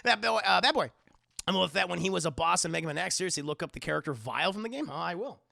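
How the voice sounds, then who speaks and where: A man hosting a livestream in a casual, excitable way, swearing freely and laughing often. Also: high-pitched, racing, gravelly, no room sound. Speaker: livestream host.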